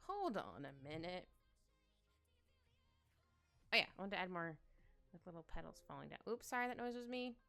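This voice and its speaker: Over faint background music, a woman draws on stream and chats, musing aloud and humming. She talks very fast in a mid-range voice that is expressive, creaky, pushed, and bright.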